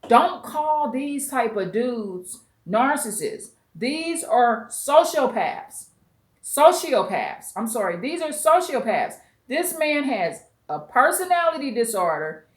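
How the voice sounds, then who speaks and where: Woman, vlog commentary, blunt, profane, emphatic, somewhat high voice, roomy echo. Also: big pitch swings, takes it slowly. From US West Coast. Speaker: commentary channel host. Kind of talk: vlog commentary reacting to a clip.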